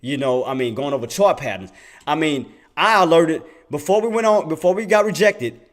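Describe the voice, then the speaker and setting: A man's voice: fairly high pitch, lively intonation, moderate pace. A man giving casual trading commentary to his viewers, repeating himself emphatically. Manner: repetitive, emphatic, addresses viewers as y'all. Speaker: day trader and livestream host.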